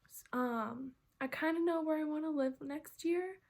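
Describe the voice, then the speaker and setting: A woman's voice: sits high, normal speed, a little mellow. A young woman art student vlogging casually about her week, chatty and full of filler words. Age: young adult. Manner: chatty storytelling with many "like" fillers. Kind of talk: casual vlog chat.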